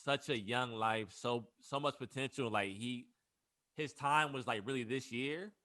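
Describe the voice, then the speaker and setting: A man's voice: medium pitch, measured pace, pushed and bright. A young man co-hosting a podcast, chatting expressively with friends and often repeating words. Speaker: podcast co-host. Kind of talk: casual chat.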